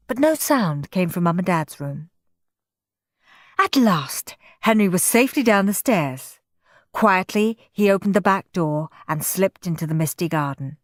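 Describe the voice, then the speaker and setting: Expressive, slow-reading woman storyteller. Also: fairly low pitch, dry recording, clean studio sound. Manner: expressive, playful. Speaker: audiobook narrator. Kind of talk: storybook narration.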